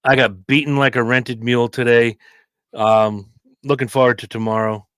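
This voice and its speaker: A man's voice: mid-range voice, little pitch movement, moderate pace, fairly bright tone, clean tone, no echo. A worn-out man co-hosting a podcast, bantering in a wry, laid-back way. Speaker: podcast co-host. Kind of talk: casual chat.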